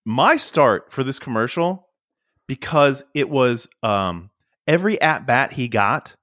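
An excitable man co-hosts a casual podcast, stammering through restarts and leaning on "like." His pitch swings up and down as he talks. The recording is dry and close. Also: slow, dry recording. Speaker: podcast co-host.

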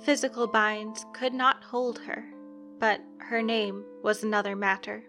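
A woman narrating a scripted story in an even, measured way, with faint instrumental music behind. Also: fairly high pitch.

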